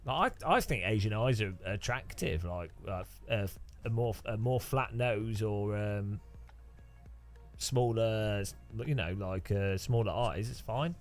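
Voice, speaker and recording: A man's voice: fairly low pitch, measured pace, faint music behind. A man streaming sim racing, chatting casually and rambling with chuckles while answering his chat.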